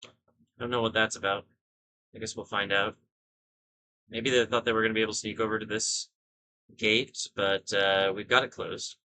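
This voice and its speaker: A man giving casual commentary over his own gameplay, thinking aloud as he goes. His voice sits low but rings bright and forceful. He drifts into rambling asides and corrects himself along the way. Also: flat delivery, normal speed, long pauses, poor audio. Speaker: gaming video host.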